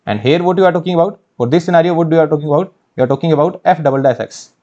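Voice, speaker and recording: A fairly high-pitched man with an Indian English accent races very fast through engineering mathematics for an exam course, asking questions only to answer them himself. He repeats key phrases in a mellow voice, and this online exam-prep lecture has a lo-fi sound.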